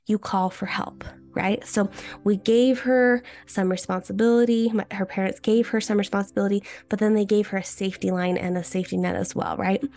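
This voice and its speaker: A woman's voice: medium pitch, steady tone, fairly quick, darkish tone. A woman hosting a podcast, in a casual teaching chat with her listeners, often restarting her sentences. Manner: chatty, talks straight to listeners; frequent restarts and fillers. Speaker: podcast host.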